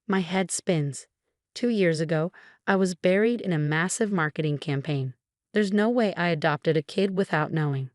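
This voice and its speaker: A woman narrating a first-person drama story, reading every voice in one steady tone. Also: fairly low pitch, normal speed, no room sound, clean studio sound.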